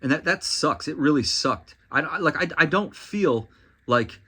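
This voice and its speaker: A man's voice: on the high side, animated, moderate pace, bright, forceful tone, husky. A man hosting a podcast, delivering a solo commentary monologue in an exasperated, ranting and sarcastic way. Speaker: podcast host.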